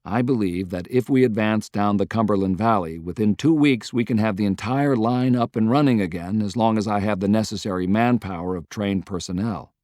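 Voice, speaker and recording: A man voicing a determined middle-aged Union railroad general who lays out his plans in a brisk, businesslike way. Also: fairly low pitch, a little mellow, no echo, studio quality, natural voice. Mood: earnest.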